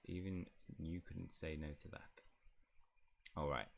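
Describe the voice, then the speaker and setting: A man gives let's-play commentary on a game, and his voice sits very low. He rambles and jokes as he plays. The talk stays loose and chatty. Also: steady tone, unhurried, vocal fry, a little hiss or hum. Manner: jokey, rambling asides while playing. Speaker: gaming YouTuber.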